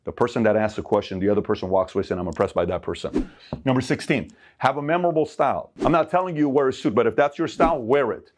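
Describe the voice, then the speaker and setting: A middle-aged Iranian man delivers a motivational talk full of life advice, emphatic and animated, acting out the people he quotes. His voice is medium-pitched and fast, with few pauses.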